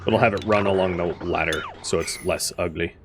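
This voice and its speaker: A young man with a low voice talks briskly over soft background music, casually commenting on his colony game as he plays. This gaming streamer's let's-play commentary rambles, full of fillers and self-corrections.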